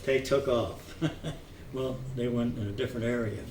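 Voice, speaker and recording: An older man telling his memories in an oral history interview, halting with many fillers and restarts, chuckling now and then. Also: medium pitch, fairly even intonation, a little mellow. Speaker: veteran interviewee. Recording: echoey room, distant mic, faint noise.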